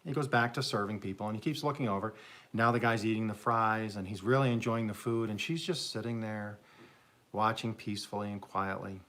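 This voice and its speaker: A man's voice: fairly low pitch, fairly quick, fairly bright tone. A man hosting a live stream, casually telling jokes as a rambling, chuckling storyteller. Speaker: livestream host.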